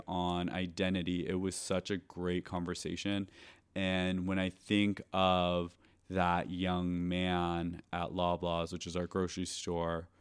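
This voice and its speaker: Low, smooth-voiced chatty male podcast host. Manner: chatty, heavy use of filler "like", frequent restarts. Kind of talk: casual storytelling monologue.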